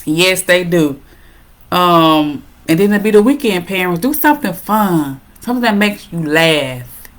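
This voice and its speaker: A middle-aged woman hosting a parenting talk show, speaking casually and warmly to her viewers, calling them "y'all". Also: lowish voice, animated, unhurried. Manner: warm encouraging, addresses viewers as "y'all".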